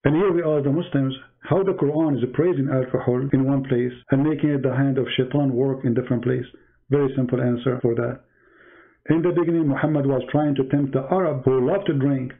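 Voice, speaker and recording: A man's voice: medium pitch, steady tone, brisk. Taunting man on a tinny line. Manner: mocking, taunting; broken, non-native English grammar. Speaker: debate host. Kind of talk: heated live debate.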